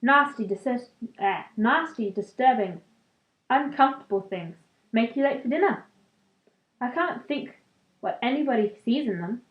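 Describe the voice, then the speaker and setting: A woman's voice: a little high, moderate pace, long pauses, roomy sound, highs cut off, natural voice. A woman reading aloud as a fussy, comfortable male hobbit who politely wants to be left alone, her voice a little raised and stumbling now and then.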